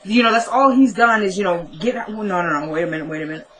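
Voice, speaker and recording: A woman's voice: medium pitch, fast talker, fairly bright tone, poor audio. A woman casually recapping a TV drama episode, chatty and retelling scenes by quoting the characters.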